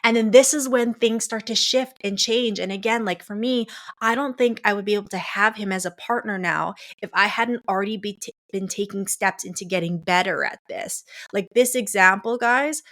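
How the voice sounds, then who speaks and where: A woman's voice: mid-range voice, normal speed, a bit bright. A woman hosting a coaching podcast, talking casually and directly to her listeners, with lots of "like" and "you know". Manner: chatty, addresses listeners as "guys", many "like" fillers. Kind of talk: casual solo podcast monologue.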